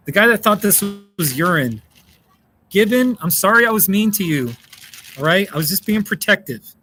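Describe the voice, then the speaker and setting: A man's voice: sits high, lively intonation, moderate pace, sharp tone, soft background music. Chatty American man hosting a live stream. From United States. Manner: chatty, reads out and answers chat, laughs often. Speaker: livestream host. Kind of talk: casual live stream chat.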